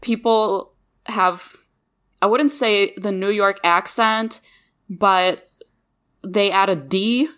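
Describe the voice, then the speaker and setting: A woman who grew up in the Midwest, with English as her second language, co-hosting a podcast and telling stories in animated, chatty conversation. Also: mid-range voice, slow, pauses often. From Midwest of the United States. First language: not English. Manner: chatty, animated storytelling with laughs. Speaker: podcast co-host. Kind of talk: casual chat.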